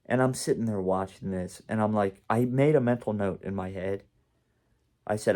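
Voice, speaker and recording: A man's voice: fairly low pitch, normal speed, dark tone. A man telling a casual storytime to camera, rambling with frequent "like" and self-interruptions. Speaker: vlog host.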